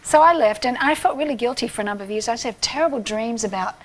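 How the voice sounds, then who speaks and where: Australian woman, bright and self-deprecating. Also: fairly high pitch, rapid-fire. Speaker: guest. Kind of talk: casual chat.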